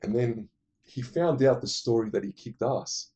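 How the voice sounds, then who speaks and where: A man's voice: mid-range voice, unhurried, mellow, breathy edge, lo-fi sound. A man casually retelling a movie plot for his film-ranking vlog, digressive, blunt and profane. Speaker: movie list vlogger.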